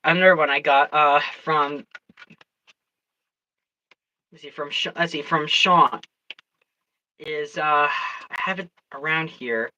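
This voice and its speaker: Excitable streamer rambling away, crisp bright tone, keeps restarting. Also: medium pitch, slow pace, long pauses, muffled recording. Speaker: livestreaming storyteller. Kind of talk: casual livestream chat.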